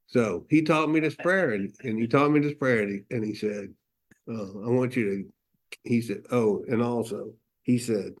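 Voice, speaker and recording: A man's voice: mid-range voice, moderate pace. Middle-aged guy sharing his sobriety story, chatty, lots of uh and he goes. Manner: candid storytelling with quoted dialogue and fillers. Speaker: recovery meeting speaker. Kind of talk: personal testimony.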